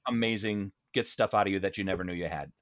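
A man's voice: fast, no room sound, clean studio sound. A Broadway actor being interviewed, telling stories casually and acting out quoted lines with big jumps in his voice. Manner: animated, acts out quotes with big pitch jumps.

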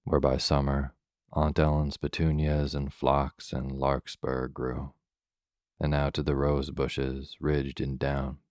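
A man reading a bedtime story aloud in a slow, soothing, measured way. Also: a bass voice, a little mellow, no room sound, studio quality.

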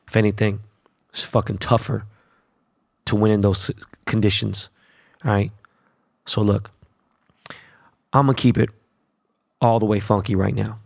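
A young man hosting a sports podcast, ranting bluntly with constant profanity in a casual, animated way. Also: on the low side, vocal fry, slightly rough, no room sound, studio quality. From Los Angeles. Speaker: podcast host.

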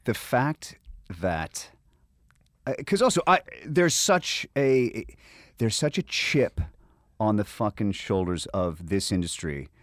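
A man's voice: lowish voice, lively intonation, slow, no echo, clean studio sound. An American man, an actor, talking casually as a guest, with emphatic, profane ranting. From United States. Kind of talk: casual conversation.

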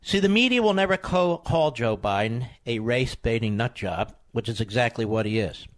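A man hosting a political talk radio show, combative and emphatic, with sudden high outbursts. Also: lively intonation, normal speed.

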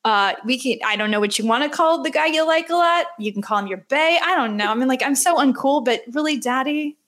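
A woman hosting a podcast, ranting in an animated, sarcastic way about fan habits. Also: high voice, fairly quick. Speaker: podcast host. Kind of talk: casual podcast chat.

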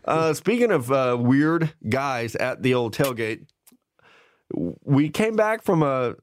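A man's voice: mid-range voice, animated, takes it slowly. Laughing man joking through podcast banter. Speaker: podcast co-host. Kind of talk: casual chat.

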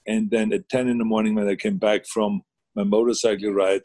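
A man's voice: on the low side, little pitch movement, a little fast, darkish tone, dry recording. A man, chatting casually as a guest on a video call, rambling with many fillers and restarts. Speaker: guest, former governor.

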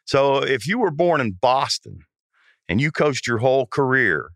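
A man's voice: medium pitch, sing-song, normal speed, vocal fry, a bit bright, no room sound, studio quality. A man, a producer and regular contributor, teasing the others in casual sports chat. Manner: wry and teasing.

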